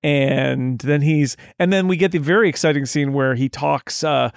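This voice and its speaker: A fairly high-voiced man chats his way through a film recap, slipping into playful character voices. The sound is close and dry. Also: moderate pace, gravelly, no echo. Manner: chatty, retells scenes with playful voices. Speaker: podcast co-host. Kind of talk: casual film discussion.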